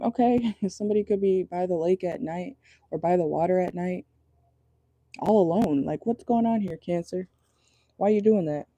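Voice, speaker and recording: A woman's voice: fairly low pitch, dark tone, no room sound. A woman giving a casual, chatty tarot reading to her viewers, blunt and crude, laughing often. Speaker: tarot reader.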